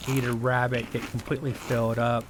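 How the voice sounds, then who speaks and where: A man streaming a survival game live, thinking aloud in a relaxed, rambling way as he plays. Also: medium pitch, fairly quick, background noise. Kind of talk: casual live-stream gameplay commentary.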